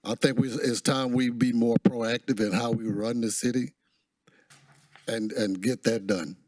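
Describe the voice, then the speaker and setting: A man's voice: mid-range voice, fairly even intonation, unhurried, darkish tone, dry recording. A man giving an earnest public comment at a city council meeting.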